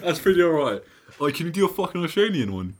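A man's voice: fairly high pitch, very animated, quick pace. A young man co-hosting a podcast in casual chat, laughing often and swearing casually. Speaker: podcast co-host. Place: Denmark.

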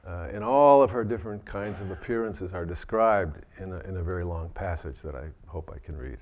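A man giving a Buddhist dharma talk, gentle and reflective, often restarting his sentences. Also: low voice, a little fast. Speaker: Buddhist teacher.

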